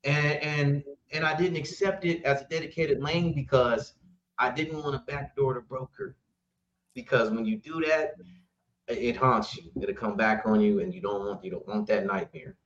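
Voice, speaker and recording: A man's voice: medium pitch, moderate pace, a little hiss or hum. A man, a trucking company owner, telling stories as a podcast guest, acting out the voices of the people in them and laughing often. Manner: animated storyteller, acts out dialogue, laughs often. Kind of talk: casual storytelling interview. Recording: roomy, slightly dull sound.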